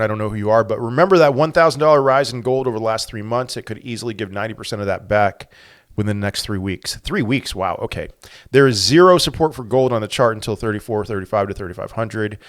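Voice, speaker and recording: Lively crypto-channel man, low voice. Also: fast. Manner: animated, conversational, rhetorical questions. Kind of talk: market commentary to camera.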